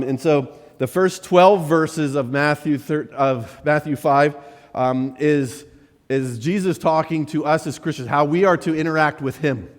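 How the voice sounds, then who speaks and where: A male missionary pastor giving a conversational sermon, often restarting and checking in with "right?". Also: a little high. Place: church sanctuary. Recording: church hall reverb.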